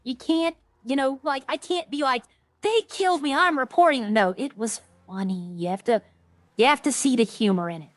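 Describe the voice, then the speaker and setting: A woman's voice: a little high, normal speed, no room sound. A woman streamer chatting casually and rambling through stories while she plays a role-play game. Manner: rambling, chatty, animated when retelling stories.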